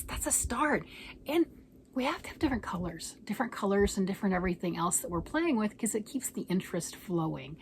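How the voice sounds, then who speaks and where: A woman's voice: mid-range voice, a little mellow, a little hiss or hum. A woman vlogger in casual, rambling chat, showing off her craft projects and gushing over them.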